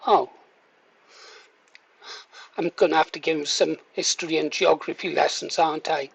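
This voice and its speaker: A man's voice: fairly high pitch, fairly even intonation, normal speed, creaky, fairly bright tone, breathy edge, no room sound, low-quality recording. A man giving casual to-camera commentary, wry and mock-reluctant, then firmly emphatic. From Wales. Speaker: political video commentator.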